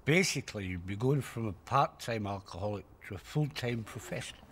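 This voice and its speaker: An actor playing a Glaswegian derelict who talks in a solemn, deadpan way in a sitcom. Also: male voice, fairly low pitch, a little fast, breathy edge. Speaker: derelict drinker. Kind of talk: sitcom acting.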